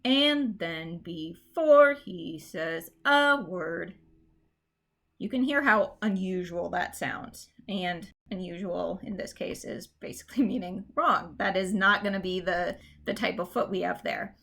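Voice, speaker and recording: A woman's voice: fairly low pitch, moderate pace, gravelly, few pauses, sharp tone. A woman English teacher giving a recorded lesson on poetic meter, talking in a casual, explanatory way with frequent fillers and restarts.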